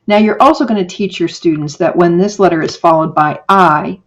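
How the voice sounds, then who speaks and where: A woman giving a screencast teaching demonstration from her office, modeling a phonics lesson slowly and deliberately. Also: fairly low pitch. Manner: slow, deliberate classroom modeling, drawing out sounds. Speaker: teacher educator. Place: home office. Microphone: webcam or laptop microphone.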